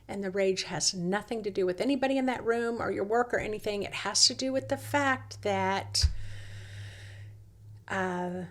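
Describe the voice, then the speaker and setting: A woman hosting a reflective self-help talk, coaxing and unhurried, who slips into quoted inner dialogue. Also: mid-range voice. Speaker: host.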